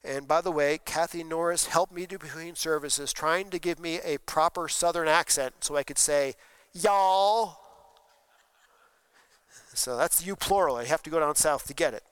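Pastor, male, sermon delivery, smooth clear voice, slightly higher pitch, dry close sound, talks with the congregation. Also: steady tone, brisk, hardly any pauses, fairly bright tone, dry recording, low-quality recording. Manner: conversational preaching with questions to the congregation. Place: church sanctuary during a service.

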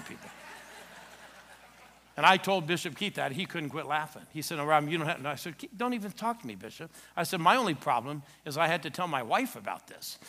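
A man's voice: medium pitch, gravelly, sharp tone. A middle-aged man preaching a sermon, telling a story and joking with the congregation. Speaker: pastor. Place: church sanctuary.

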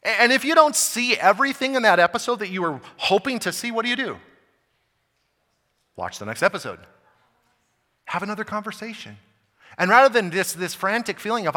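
American pastor guy preaching, chatty then punchy and loud, bright slightly high voice, big churchy reverb. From United States. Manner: emphatic, conversational preaching with wide swings in loudness. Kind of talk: sermon.

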